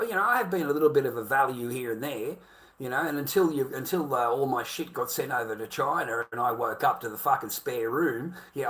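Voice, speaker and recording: A man's voice: mid-range voice, fairly bright tone. A man with an ordinary mid-range voice holds forth on a livestream. His talk is heated and profane, and he keeps repeating himself as the rant goes on. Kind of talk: casual ranting monologue.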